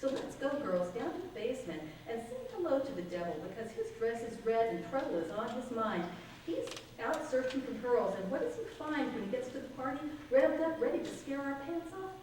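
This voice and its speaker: A woman's voice: on the high side, very animated, brisk, darkish tone. Poet woman in an echoey hall. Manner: rambling, self-deprecating, laughs easily. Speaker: poet giving a reading. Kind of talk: poetry reading with chatty asides. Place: conference hall reading. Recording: echoey hall, distant mic, background noise.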